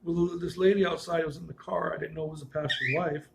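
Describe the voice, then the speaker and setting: A man's voice: fairly high pitch, fairly even intonation, fast talker, vocal fry, a little hiss or hum, rough recording. A man casually telling personal stories in a rambling way, restarting and correcting himself and chuckling as he goes.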